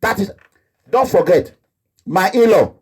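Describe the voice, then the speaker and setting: At a measured pace, a Nigerian man with a Nigerian accent gives an expressive, rambling monologue full of indignation. The activist's voice is husky and fairly high for a man, and he repeatedly breaks into laughter and imitates the voices of those he talks about.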